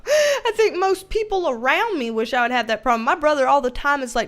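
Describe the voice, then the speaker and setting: A woman's voice: high-pitched, animated, fairly quick, fairly bright tone. A Southern American woman in casual livestream chat from home, rambling and talkative, laughing often as she greets viewers. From Southern United States. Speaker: livestream host.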